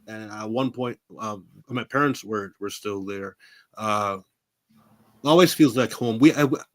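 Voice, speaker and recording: A man from New York City, a wrestler guest, telling stories in a casual interview, animated, acting out the voices he quotes and laughing often. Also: mid-range voice.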